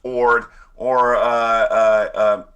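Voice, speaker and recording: A man speaks to camera with a bright, forceful tone. His delivery is halting and he stumbles, repeating words as he goes. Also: mid-range voice, level tone, dull audio. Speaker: Christian video commentator. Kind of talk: monologue to camera.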